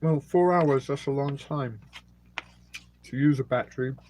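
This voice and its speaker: A middle-aged man with an English accent chats loosely through a long live stream at an ordinary pitch. His talk is rambling and jokey, full of ums. He pauses to eat, and a faint hiss of noise sits under the voice. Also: a little mellow. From England. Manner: rambling and jokey, with many ums, eating and burping between remarks. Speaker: livestream host. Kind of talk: casual live-stream chat reading viewer comments.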